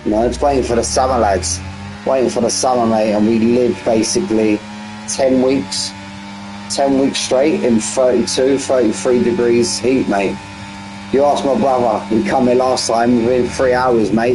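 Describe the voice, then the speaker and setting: A man's voice: lowish voice, poor audio. Chatty man in his forties calling a race. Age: 40s. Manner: chatty, slangy, answers chat mid-race, bursts of excitement. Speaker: race commentator. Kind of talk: casual live sim-racing commentary.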